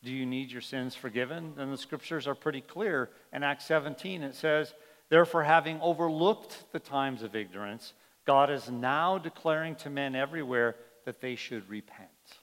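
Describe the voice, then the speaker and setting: A man's voice: medium pitch, normal speed, a bit bright. A man preaching a sermon as pastor, earnest and emphatic, often letting his voice drop at the end of a point. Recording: long hall reverb.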